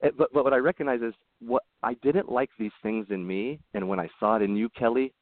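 A man with a mid-range voice speaks a little fast as a podcast guest, sharing personal stories in an earnest, rambling way and often restarting his sentences. The casual interview comes through a tinny, phone-like line, dry with no echo.

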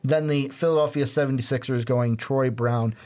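A male podcast co-host chatting casually about sports. He reads through his list steadily and slips into playful teasing. His voice sits at a middle pitch. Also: steady tone, normal speed, a little mellow. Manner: playful, teasing, laughs easily.

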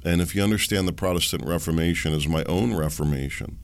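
A man's voice: low-pitched, quick pace, vocal fry, no echo. A middle-aged man hosting a solo podcast, rambling and ranting sarcastically, chuckling at his own asides. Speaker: podcast host.

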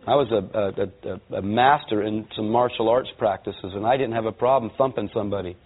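A man from Los Angeles giving a lively personal testimony to a church audience, acting out the voices in his story. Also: lowish voice, brisk, husky. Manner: lively storyteller who acts out voices and quotes. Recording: tinny, narrow-band sound.

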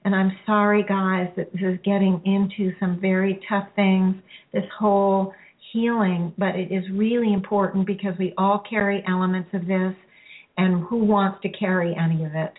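A woman hosting a radio-style healing show, guiding listeners through a release in a slow, soothing, halting way. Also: mid-range voice, flat delivery. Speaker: spiritual healer hosting a show. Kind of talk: guided healing session. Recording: phone-like narrow sound.

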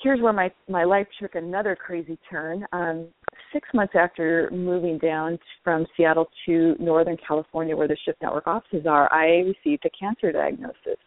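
A woman guest on a radio show, telling a personal story in an earnest, animated way with frequent restarts. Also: fairly low pitch, moderate pace, dry recording. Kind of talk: casual interview storytelling. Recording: tinny phone line.

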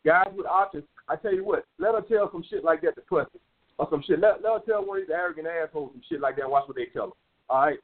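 A man's voice: a little high, quick pace. A man hosting a call-in dating advice show, lecturing bluntly with lots of profanity and repetition. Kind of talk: call-in radio advice talk. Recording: phone-like lo-fi radio sound.

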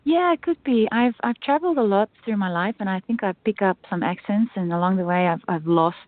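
A woman's voice: medium pitch, fairly quick, dry recording. Hesitant South African woman caller. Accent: South African, softened. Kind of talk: call-in radio chat. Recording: dry, tinny phone line.

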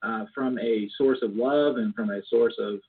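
A man's voice: mid-range voice, normal speed, slightly rough. A man talking as a guest in a casual interview, earnest and reflective, sometimes restarting his sentences. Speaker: business club founder, guest. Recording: tinny phone-like line.

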